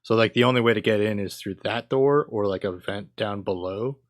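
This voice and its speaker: A young man hosts a casual gaming podcast, talking in a slightly low voice. He rambles and leans on filler words. The sound is dry and close, with no room around it. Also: brisk, dry recording. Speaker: podcast host.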